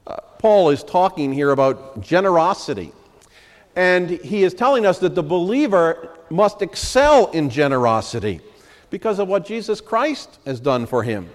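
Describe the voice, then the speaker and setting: A man's voice: high voice, very animated, moderate pace, in a large hall. A middle-aged man preaching a sermon as pastor, reading scripture in earnest and talking it over with frequent "uh" fillers. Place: church sanctuary.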